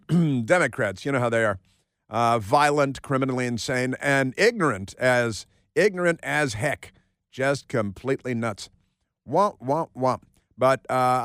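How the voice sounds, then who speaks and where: A man's voice: medium pitch, fairly bright tone, dry recording. A man hosting a talk radio show, delivering a mocking, sarcastic monologue with lots of repetition and asides from a studio. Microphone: studio microphone.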